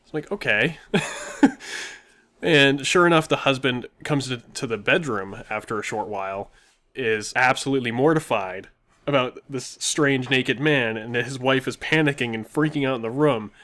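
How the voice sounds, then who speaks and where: A man's voice: mid-range voice, moderate pace. Young man telling a wild story, laughing. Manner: animated, laughs often, quotes people in dialogue. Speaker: podcast co-host telling a story. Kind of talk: casual storytelling.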